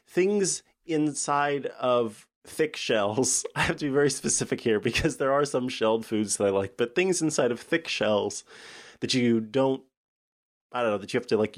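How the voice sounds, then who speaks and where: A man's voice: mid-range voice, a little slow. A man co-hosting a podcast in casual chat, playful and giggly, slipping into joking voices. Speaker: podcast co-host.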